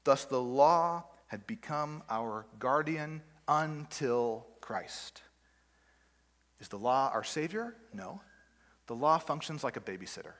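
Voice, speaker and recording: A pastor preaching a sermon in a church room, talking conversationally with rhetorical questions and everyday examples. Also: male voice, mid-range voice, a bit bright. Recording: long hall reverb.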